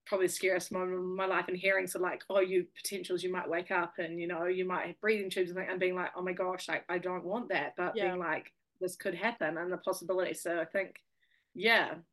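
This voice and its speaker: A woman's voice: lowish voice, flat delivery, brisk, a bit bright. A young woman with a New Zealand accent, a guest chatting casually in an interview, full of fillers and laughs.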